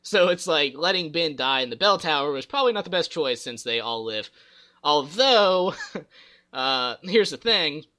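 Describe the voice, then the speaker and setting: A man's voice: fairly high pitch, animated, a little slow, pushed and bright. A man hosting a casual gaming podcast, rambling through stories and acting out characters' lines. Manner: rambling storyteller, acts out game characters' lines. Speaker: podcast host.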